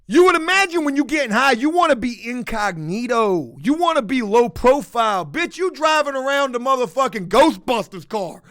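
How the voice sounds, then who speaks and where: A man's voice: very high-pitched, expressive, moderate pace, few pauses, a bit bright, no room sound. A man telling a story to camera as a profane, mocking rant. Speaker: vlogger.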